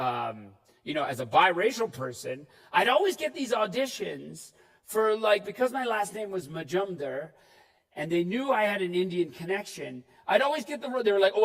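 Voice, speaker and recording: A Canadian actor giving a conference keynote, animated and self-deprecating, acting out quotes as he tells stories. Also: high-pitched, far from the mic, rough recording. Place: conference hall.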